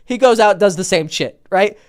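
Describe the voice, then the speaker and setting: A man's voice: high-pitched, moderate pace. A man hosting a dating advice Q&A as a coach, talking casually with lots of swearing and acted-out dialogue. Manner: animated, profane, acts out quoted dialogue.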